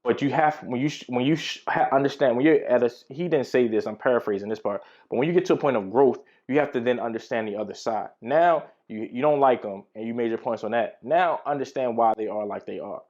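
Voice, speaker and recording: Brief: male Bible teacher, conversational storytelling, medium pitch, a bit lo-fi. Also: fast, hardly any pauses, darkish tone. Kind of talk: casual teaching talk with personal stories.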